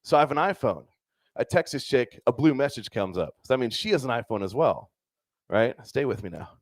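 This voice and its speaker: A man's voice: mid-range voice, very animated, a little fast, dry recording, clean studio sound. A young man doing a stand-up comedy set on a club stage into a handheld mic, loose and crude, packing his lines with "dude" and "right?".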